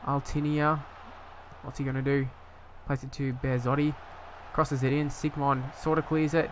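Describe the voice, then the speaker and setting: A man's voice: mid-range voice, flat delivery, moderate pace, slight background noise. Rambling young man commentating a game. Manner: rambling, hesitant, bursts into swearing frustration. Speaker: gaming YouTuber.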